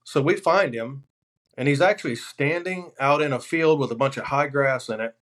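A man with an ordinary middle-pitched voice tells hunting stories as a podcast guest. He talks loosely and with energy and lands his punchlines deadpan. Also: normal speed. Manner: animated, deadpan punchlines in anecdotes. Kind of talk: casual podcast storytelling.

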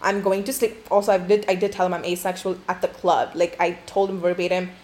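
A woman's voice: fairly low pitch, flat delivery, quick pace, darkish tone. A young adult woman telling a story to camera in a casual storytime style, swearing a lot and saying "like" constantly. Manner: profane, rambling, heavy use of "like".

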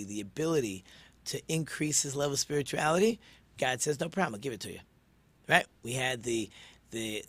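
A man's voice: mid-range voice, fairly bright tone, dry recording. A man, a rabbi who hosts a short talk show, teaching in an earnest, casual way and often restarting his words. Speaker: rabbi and podcast host.

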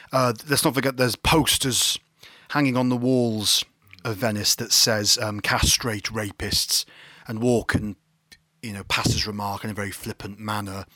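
A man's voice: medium pitch, sharp tone, dry recording. A man from England co-hosting a casual film discussion, rambling and wry, often correcting himself mid-sentence. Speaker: film podcast co-host.

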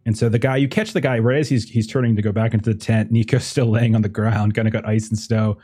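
A man narrating a tabletop game as game master, his voice low, dark and husky. He talks loosely and conversationally. Soft music plays faintly beneath him. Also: fairly even intonation, fast talker, few pauses.

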